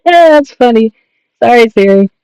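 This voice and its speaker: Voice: mid-range voice, expressive, unhurried, darkish tone, smooth, no echo, poor audio. A young adult artist chatting casually on a livestream while drawing, rambling, laughing often and swearing.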